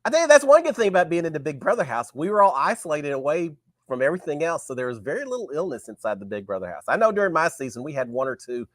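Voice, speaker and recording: A man, hosting a live stream while sick, his voice raspy, greeting viewers by name in folksy casual chat. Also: medium pitch, dry recording, clean studio sound. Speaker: show host.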